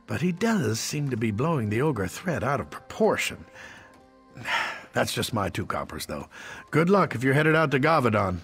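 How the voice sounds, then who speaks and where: A dutiful army captain. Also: male voice, medium pitch, very animated, normal speed, fairly bright tone, soft background music. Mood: matter-of-fact. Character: male army captain, matter-of-fact and dutiful. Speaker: video game character.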